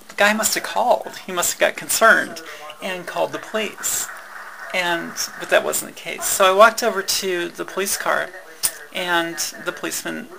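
A woman telling a personal story in a halting way, with many fillers, restarts and wry laughs. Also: on the low side, vocal fry, pushed and bright, low-quality recording.

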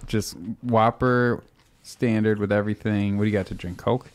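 A man's voice: lowish voice, steady tone, moderate pace, smooth. A man hosting a podcast, telling stories in a laid-back, jokey way. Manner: laid-back, jokey storytelling with quoted voices. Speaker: podcast host. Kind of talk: casual chat.

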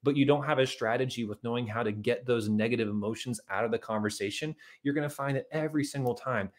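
A man's voice: medium pitch, fast. Male coach, upbeat motivational talk, chatty and direct, keeps addressing the audience. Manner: energetic, chatty, keeps saying "guys" and "okay". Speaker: marriage and money coach.

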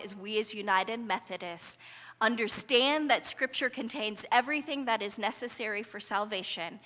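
A woman pastor preaching an earnest sermon, unhurried and deliberate. Her voice is bright and clear. It rings out in a church sanctuary with a long, lingering reverb. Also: mid-range voice. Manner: earnest, conversational preaching with rising intensity in quotes.

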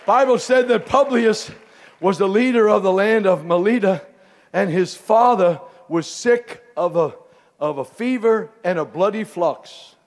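High-voiced man preaching a fiery sermon. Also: a little slow, some chatter behind. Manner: swings from hushed asides to shouted exhortation; folksy, calls listeners pet names. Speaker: bishop preaching at a camp meeting. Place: live service before a congregation.

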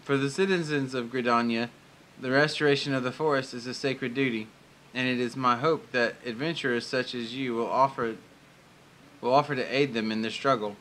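A man reading the lines of a kindly, solemn male instructor, slow and formal. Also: mid-range voice, fairly even intonation, fairly bright tone, slight background noise, lightly acted, rough recording.

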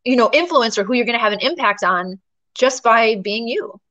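A woman guest in an interview, telling a story in a chatty, animated way with plenty of fillers. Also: fairly high pitch, normal speed, highs cut off. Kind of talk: storytelling in conversation.

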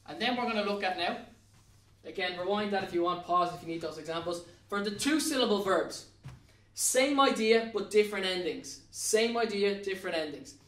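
A man's voice: high voice, expressive, normal speed, fairly bright tone. A man with an Irish accent teaching a recorded grammar lesson to students, spelling words out letter by letter and urging them to stay with him. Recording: echoey room, mic at a distance.

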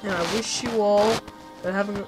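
A woman's voice: mid-range voice, fairly even intonation, moderate pace, over loud music, low-quality recording. A woman chatting casually in a rambling, self-deprecating way as she ranks her favorite video makers. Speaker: YouTube vlogger. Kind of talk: casual vlog commentary.

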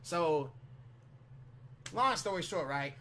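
A man's voice: on the high side, slight background noise. A man casually telling a long, profane story as a vlogger, rambling with restarts and repeated "you know what I'm saying". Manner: animated retelling with quick restarts.

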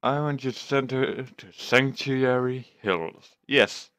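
Smooth-voiced man doing gameplay commentary. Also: medium pitch, slow pace. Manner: loud, swearing reactions to the game. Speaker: gaming channel host. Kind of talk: let's play commentary.

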